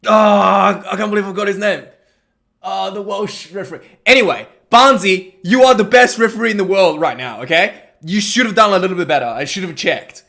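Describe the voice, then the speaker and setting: A man giving a casual, rambling recap of a rugby match, excitable and full of asides. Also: sits high, fairly quick, vocal fry, hardly any pauses.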